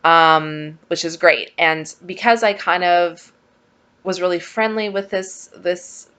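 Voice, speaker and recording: A woman's voice: fairly low pitch, slow, clear, resonant tone. A chatty woman telling a personal story in a casual vlog, acting out the conversations as she goes. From Saskatchewan, Canada. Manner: chatty, animated, acts out quoted dialogue. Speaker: vlogger.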